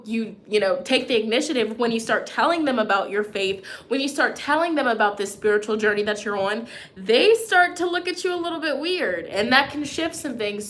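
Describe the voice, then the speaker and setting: Woman tarot reader with a bright, slightly high voice. Encouraging and chatty, with a runny nose. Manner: encouraging, chatty, frequent "okay?" check-ins; reads out viewer comments. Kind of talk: live tarot forecast reading.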